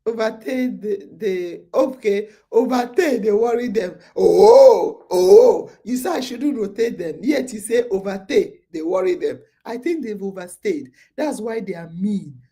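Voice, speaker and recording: A woman's voice: medium pitch, expressive, measured pace, hardly any pauses, warm tone. A woman hosting a casual podcast chat. She sounds sleepy and tells a long story, repeating her phrases with lots of fillers. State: sleepy, yawning. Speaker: podcast host. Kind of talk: casual live-stream chat.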